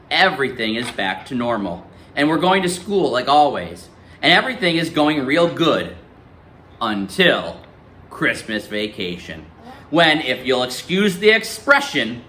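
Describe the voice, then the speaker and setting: A man's voice: mid-range voice, slight background noise. A male teacher reading a novel aloud in a classroom and quizzing his students. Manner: lively, questioning students.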